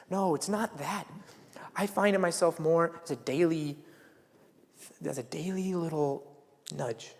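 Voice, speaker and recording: A man's voice: on the high side, measured pace, pauses often, a little mellow. Young man preaching in an echoing hall. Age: young adult. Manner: conversational, drops to whispers for acted quotes. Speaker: student speaker. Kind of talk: casual youth sermon. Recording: reverberant hall, live stream.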